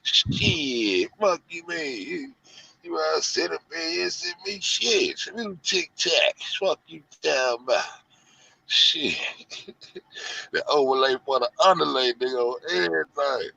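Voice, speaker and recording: A man, ranting loud and profane to his online audience in heavy slang. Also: a little high, expressive, measured pace, gravelly. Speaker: show host. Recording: muffled lo-fi audio.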